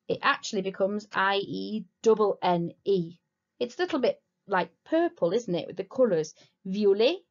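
Woman teacher, patient recorded french lesson, kinda muffled lo-fi sound. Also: medium pitch. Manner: clear, patient explaining, slows down to model French words. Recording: slightly dull lo-fi recording.

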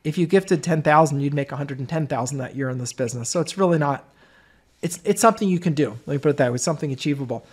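A man's voice: on the high side, fast talker, a little mellow, slightly rough. A middle-aged man hosting a webinar, telling stories in a chatty way with many asides. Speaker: webinar host. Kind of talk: webinar sales talk.

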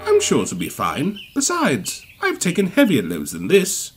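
A man's voice: a little high, wildly swooping pitch, measured pace, pitched above the performer's own voice. A man voicing an earnest, easily flustered diesel engine in a slightly raised voice, with music behind.

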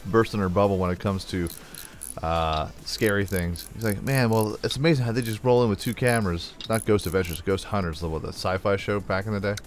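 Rambling, joking man with a low voice. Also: brisk. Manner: rambling, jokey storytelling with playful sound effects. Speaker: let's play host. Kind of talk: casual gameplay chat. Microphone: desk microphone.

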